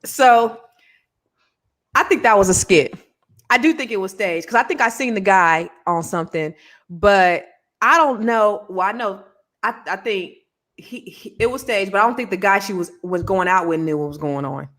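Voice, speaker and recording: A woman's voice: medium pitch, lively intonation, normal speed, fairly bright tone. A woman co-hosting a casual chat show, blunt and argumentative, often talking over her partner. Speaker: co-host.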